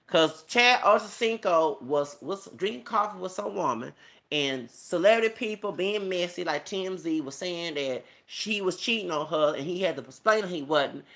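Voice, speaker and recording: A man's voice: high voice, pushed and bright. A man ranting emotionally and profanely in his own vlog, delivering celebrity gossip commentary. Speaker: YouTuber.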